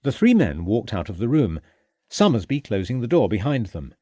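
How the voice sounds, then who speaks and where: Male narrator for period audiobook, animated pitch, dry close sound. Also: normal speed, dry recording.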